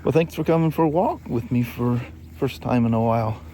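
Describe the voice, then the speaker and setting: एक गहरी, खरखराती आवाज़ वाला अधेड़ उम्र का आदमी, जो बिखरे, सहज अंदाज़ में वीडियो ब्लॉग पर बातें करता है। उसकी आवाज़ मधुर और गर्म है। पीछे हल्का सा शोर सुनाई देता है।. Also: male voice, mid-range voice, brisk, warm tone, a little hiss or hum. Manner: rambling, easygoing storytelling with restarts. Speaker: vlog host. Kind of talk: casual chat.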